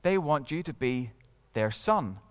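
A man voicing a calm, kind male school principal who speaks softly and slowly. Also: medium pitch, big-room sound, close to an everyday voice. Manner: soft and measured.

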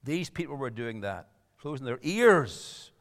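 A man's voice: mid-range voice, big pitch swings, a little slow, fairly bright tone, long reverb tail. A man preaching a sermon, earnest and rising to emphatic appeals.

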